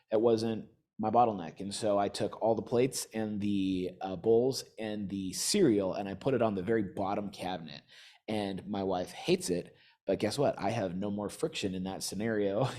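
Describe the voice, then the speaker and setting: A man's voice: on the low side, darkish tone. A man and father telling a story about his business in a casual, self-mocking way. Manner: chatty, self-mocking, laughs often. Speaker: guest business owner.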